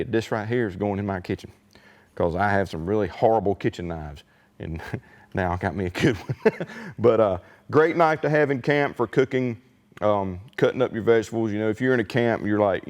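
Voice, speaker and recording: A man, hosting a casual unboxing video in a folksy, excitable, colloquial way. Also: lowish voice, in a large hall. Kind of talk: casual product unboxing chat.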